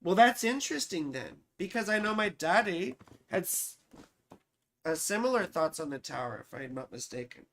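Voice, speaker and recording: A hoarse man hosting an astrology livestream, chatting casually with viewers and reading out their comments in a rambling, profane way. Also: high-pitched, big pitch swings, normal speed, a bit bright. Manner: rambling, profane, sings snatches between remarks.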